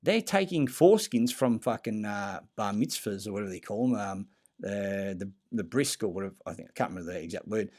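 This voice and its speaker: A man giving a rambling, profane monologue, halting often with fillers and restarts. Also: fairly low pitch, lively intonation, a little mellow. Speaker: conspiracy talker.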